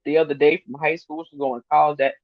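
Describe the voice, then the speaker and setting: A woman in her fifties chatting casually to her viewers on a livestream, animated and laughing often as she reads their comments. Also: deep voice, fast, no room sound. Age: 50s. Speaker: vlogger reading viewer comments. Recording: dry, slightly muffled lo-fi sound.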